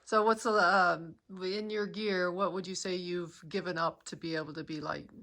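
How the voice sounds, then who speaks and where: This long-distance hiker vlogger talks casually to her camera outdoors on rocky ground, chatty and plainspoken, with sighs between thoughts. Her lowish voice is steady and sharp at a normal speed, recorded dry.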